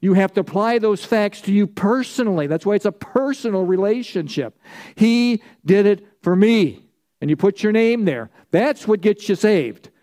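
A man preaching an emphatic sermon, with a high voice for a man. His tone is mellow and dark rather than bright. He builds his points through repeated phrases and calls on the congregation to answer back. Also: expressive, normal speed. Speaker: pastor.

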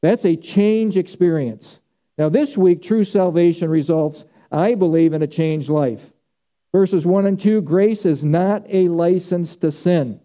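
High-voiced, mellow male pastor preaching. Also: slow. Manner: emphatic, repeats key phrases. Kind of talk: sermon.

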